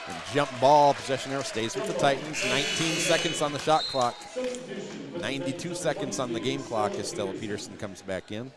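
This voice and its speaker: A man doing live play-by-play for a high school basketball game from the gym stands, rattling off plays and shouting on big moments. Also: brisk, over a noisy crowd. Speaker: play-by-play announcer.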